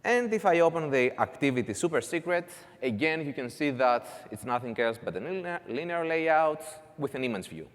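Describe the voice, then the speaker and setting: A man's voice: fairly high pitch, expressive, brisk, in a large hall. A man giving a conference talk, walking through a live demo step by step with casual asides. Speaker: conference speaker. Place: conference hall.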